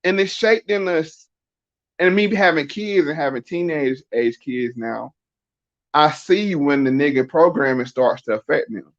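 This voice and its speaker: A middle-aged man talks through his ideas in a casual podcast chat, pressing his points with rhetorical questions. His voice sits a little high for a man. The recording sounds dull and lo-fi. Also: unhurried. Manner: animated, emphatic explaining with rhetorical questions. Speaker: podcast guest.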